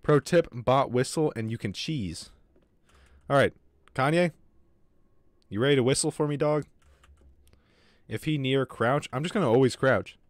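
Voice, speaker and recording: A man's voice: medium pitch, no room sound. A man streaming a horror game, talking to his chat in a jittery way and swearing often. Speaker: gaming streamer. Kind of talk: live gameplay commentary.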